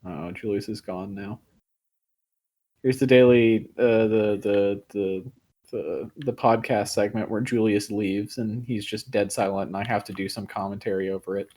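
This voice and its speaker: A man co-hosting a podcast over a remote call, talking casually with relaxed joking and stumbling restarts. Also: on the low side, normal speed. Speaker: podcast co-host. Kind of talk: casual chat.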